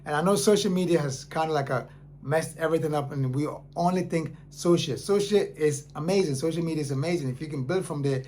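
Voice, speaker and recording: A man's voice: a little high, fast talker, a little mellow, a little hiss or hum. A man, an independent artist, talking casually and earnestly to the camera, telling stories and repeating phrases for emphasis. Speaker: independent artist, channel host.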